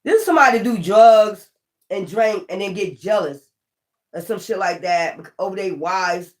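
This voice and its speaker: A woman with a medium-pitched voice at a moderate pace gives a casual tarot reading, blunt and profane, thinking aloud as she goes. The recording has a roomy echo.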